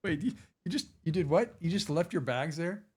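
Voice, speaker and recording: A man's voice: on the high side, expressive, moderate pace, darkish tone, slightly rough. A man hosting a podcast who laughs easily and asks short, incredulous follow-up questions. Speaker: podcast host. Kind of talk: casual chat.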